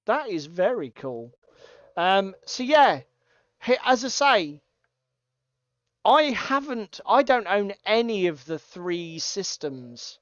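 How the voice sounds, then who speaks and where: A man rambles through a casual stream chat, cursing freely. His voice is smooth and resonant. The recording is dry and a little dull. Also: sits high, sing-song, takes it slowly, fairly bright tone, no echo. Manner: swearing, rambling, laughs often. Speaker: co-host.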